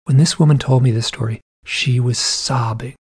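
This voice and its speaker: A man's voice: mid-range voice, normal speed, slightly rough. A man telling a long story in casual conversation, acting out the people in it. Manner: animated storyteller, acts out quoted people in a raised voice. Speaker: podcast guest.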